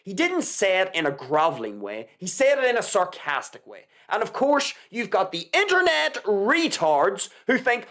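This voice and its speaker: A woman's voice: mid-range voice, very animated, moderate pace, few pauses, fairly bright tone. A woman hosting a live commentary show, delivering a combative, scornful opinion monologue to her audience. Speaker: online commentator, show host.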